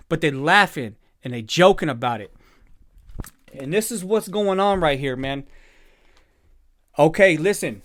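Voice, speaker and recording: A man speaks with a fairly high voice in a dry, close sound. He sounds upset and exasperated as he rants about a clip. He keeps swearing and then apologizing for it. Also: lively intonation, measured pace, long pauses, fairly bright tone, dry recording. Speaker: commentator reacting to a clip. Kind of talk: angry reaction commentary.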